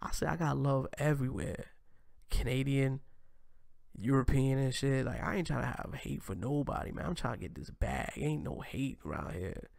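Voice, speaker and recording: A young man from the US East Coast hosting a casual livestream, talking in an animated, slangy way with laughing asides. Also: medium pitch, moderate pace, vocal fry, no room sound, studio quality. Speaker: host.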